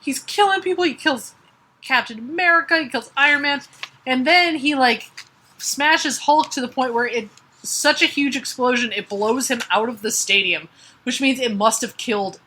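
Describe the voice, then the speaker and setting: A woman co-hosting a comedy podcast, wry and chatty, with a bright, slightly high voice. She recaps a comic plot and acts out bits of mock dialogue. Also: moderate pace, slight background noise. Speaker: podcast co-host. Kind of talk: casual comedic chat.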